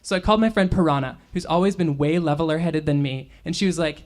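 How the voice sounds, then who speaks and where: Woman author reading her novel out loud at a bookstore, super casual and sweary, chatty first person. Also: sits low, fast, few pauses. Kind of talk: live fiction reading.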